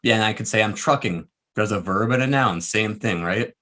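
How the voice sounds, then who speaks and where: A man's voice: fairly low pitch, moderate pace, pushed and bright. Casual livestream co-host, male trucker from Canada, jokey, laughs easily. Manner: joking, laughs often, tries impressions.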